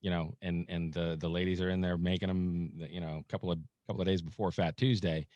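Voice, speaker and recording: A man's voice: low-pitched, level tone, quick pace, a little mellow, no echo, dull audio. A man from Pennsylvania in a casual chat, telling stories with a wry, mock-exasperated edge. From Wilkes-Barre, Pennsylvania. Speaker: podcast co-host.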